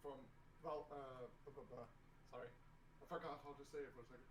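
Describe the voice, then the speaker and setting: A man's voice: mid-range voice, steady tone, fast talker. A man playing his character in a tabletop game, giving hesitant, stumbling answers. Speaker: player. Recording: echoey and distant, with noise.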